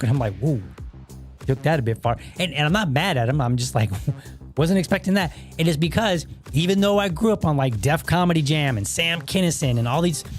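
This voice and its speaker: A man, in his thirties or forties, hosting a casual solo podcast, rambling and restarting his sentences as he talks. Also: fairly high pitch. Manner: rambling, repeats words and restarts. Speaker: podcast host.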